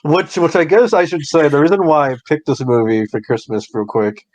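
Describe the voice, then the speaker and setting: Relaxed young man, casual aside-maker. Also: fairly high pitch, brisk, low-quality recording. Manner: relaxed, lots of 'like', dry asides. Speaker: podcast co-host. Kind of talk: casual chat.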